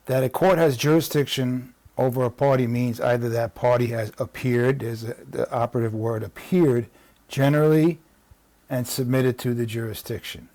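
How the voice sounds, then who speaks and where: A man's voice: mid-range voice, warm tone, dry recording. Man with a New York accent, dry sound. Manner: conversational, with frequent restarts and asides. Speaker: legal strategy instructor. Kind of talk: reading and explaining legal texts.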